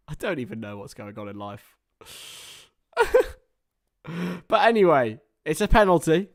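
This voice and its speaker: A young man hosts a live football watchalong from home, excitable, joking and swearing. His voice sits fairly high for a man, and he reads out viewer chat between bursts of commentary, a little worn after hours live. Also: measured pace, long pauses. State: tired after a long stream. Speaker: livestream host commentating a football match.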